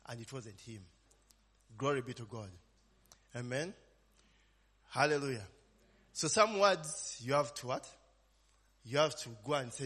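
Preacher with a husky voice in a reverberant hall. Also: male voice, mid-range voice, lively intonation, unhurried, long pauses, a bit bright. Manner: conversational, frequent "eh?" and "amen?" tags, call-and-response questions. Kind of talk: informal sermon. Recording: long reverb.

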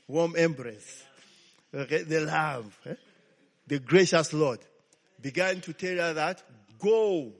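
A man preaching a sermon as a pastor, telling a story and checking in with "okay?" after nearly every line. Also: on the high side. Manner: call-and-response, frequent "okay?" checks. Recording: long hall reverb.

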